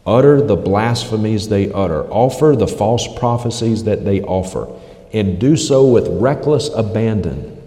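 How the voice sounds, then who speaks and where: A man's voice: on the low side, mellow. A man preaching a critical sermon, emphatic and repeating phrases for stress. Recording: echoey hall reverb.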